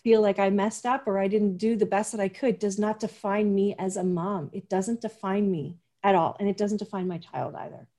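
A woman's voice: medium pitch, steady tone, moderate pace, few pauses, mellow. A woman speaking as a parenting guest in a casual interview, earnest and emphatic, often restarting her sentences.

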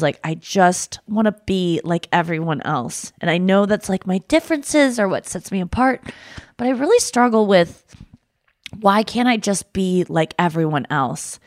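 A woman's voice: mid-range voice, no room sound, clean studio sound. A woman hosting a podcast, chatting candidly and rambling about herself with self-deprecating humor. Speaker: podcast host. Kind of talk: casual chat.

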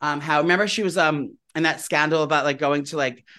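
Fast-talking gossipy male podcast co-host. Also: a little high, pushed and bright. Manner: rapid-fire gossipy storytelling. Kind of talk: casual chat.

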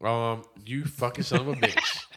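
A man in casual, profane chat with a friend, joking around and slipping into quick impressions. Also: medium pitch, fairly even intonation, pushed and bright.

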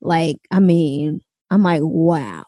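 A woman's voice: medium pitch, a little slow, darkish tone, no room sound. A young woman co-hosting a podcast in casual chat, loose and talkative, full of "like" and "um". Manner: loose and chatty, lots of "like" and "um". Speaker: podcast co-host.

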